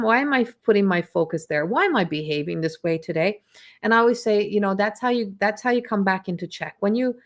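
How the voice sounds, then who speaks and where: A middle-aged woman, giving a live astrology reading in a chatty way, often repeating herself and acting out inner voices. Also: medium pitch. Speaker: astrology reader.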